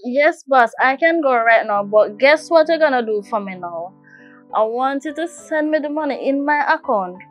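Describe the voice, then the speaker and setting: A woman's voice: high-pitched, animated, moderate pace, faint music behind. An actress playing a scheming Jamaican woman who switches between patois and standard speech. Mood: sly. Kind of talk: indie film acting.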